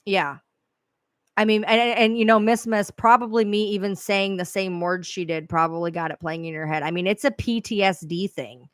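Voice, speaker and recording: A woman's voice: mid-range voice, fairly even intonation, moderate pace, dry recording. Woman, casual chat, blunt and emphatic, profane, dry sound. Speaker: true crime creator.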